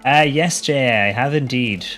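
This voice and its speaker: A man from Ireland with a Dublin accent streams a game live, chatting easily with viewers, answering chat messages and laughing often. His voice is medium-pitched and fairly bright at a moderate pace, with music in the background.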